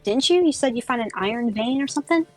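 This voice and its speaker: A woman voicing a dwarven innkeeper woman, brisk and exasperated. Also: a little high, animated, a little mellow, soft background music, voice pushed up. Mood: nosy.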